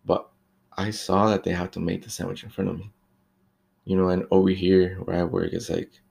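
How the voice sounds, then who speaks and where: A young man who works at a fast-food shop, talking in a loose, chatty rant about rude customers. He swears freely and fills his talk with "like" and "you know". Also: sits low, flat delivery, vocal fry, darkish tone. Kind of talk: casual ranting monologue.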